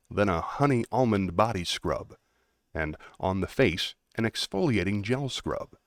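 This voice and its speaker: A man voicing a detached young male yuppie killer who speaks in a flat, measured way, trying too hard to sound like a regular person. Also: fairly low pitch, no room sound, clean studio sound, lightly acted.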